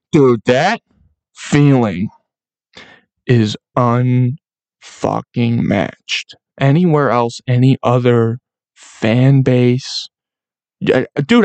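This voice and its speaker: A man's voice: medium pitch, dry recording. A young man hosts a solo sports podcast, giving a fired-up, profane pep talk to fans. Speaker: podcast host.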